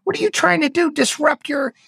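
A man's voice: extremely high pitch, gravelly, a bit bright, no echo, pitched above the performer's own voice, heavily acted. A man doing a whiny doubting inner voice. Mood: whining. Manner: whiny, mocking, rapid questions.

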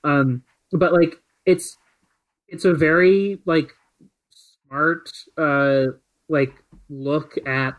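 A man co-hosting a relaxed podcast chat, voice sitting a little high for a man. He rambles through his points and stuffs them with filler words. His tone is loose and conversational. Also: extremely slow, long pauses, muffled recording. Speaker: podcast co-host. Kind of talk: casual chat.

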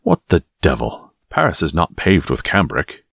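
Brief: cold, courteous young musketeer in a storybook, read by a deep, husky man. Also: wildly swooping pitch, a bit bright, no room sound, clean studio sound, full character voice. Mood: stern. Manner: measured, coldly courteous.

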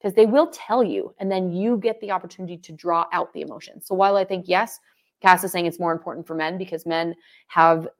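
Her voice is fairly low and her delivery brisk as she co-hosts a marriage podcast in her role as a coach. Talking casually and animatedly, she acts out sample phrases.

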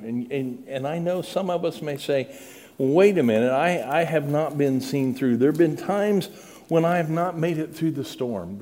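A man's voice: mid-range voice, dark tone. Middle-aged male preacher, earnest and pleading delivery with dramatic peaks. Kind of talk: sermon.

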